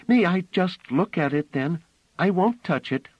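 Audiobook girl child, very high and shrill, breathless and eager, put on by a deep-voiced male narrator. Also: lively intonation, a little slow, dry recording, lo-fi sound. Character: excitable little girl with a shrill voice.

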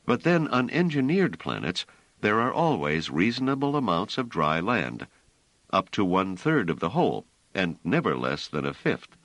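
A man's voice: low voice, very animated, normal speed, fairly bright tone, no room sound. A man reading an audiobook voices an irritable, argumentative man who speaks curtly. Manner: curt, argumentative. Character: irritable, brooding man, ship's captain type. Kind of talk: audiobook character voice.

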